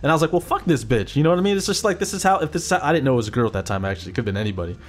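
A man in casual chat, telling road stories in a profane, animated way. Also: mid-range voice, very fast. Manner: profane, animated storytelling with acted-out quotes.

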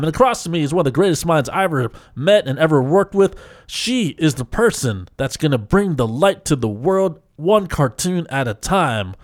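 A man co-hosting a casual podcast, giving showy, repetitive hype intros and laughing often in playful chat. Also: mid-range voice. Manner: hyped, showman-like intros with repetition. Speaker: podcast co-host. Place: podcast studio.

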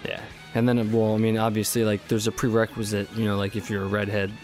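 A man's voice: lowish voice, monotone, fast talker, darkish tone, faint music behind. A man co-hosting a radio show in casual chat, agreeing emphatically.

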